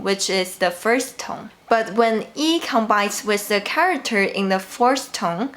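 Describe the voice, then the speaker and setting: A woman teaching a language lesson, explaining each rule carefully and repeating example words slowly. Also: mid-range voice, a bit bright. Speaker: Mandarin teacher. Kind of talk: slow, clear language lesson narration.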